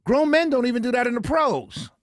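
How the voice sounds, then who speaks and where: A man with a high-pitched voice hosts a talk radio show from a studio microphone. He sounds emphatic and opinionated, thinking out loud as he goes. The sound is dry and close. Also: sing-song, fairly quick, no room sound.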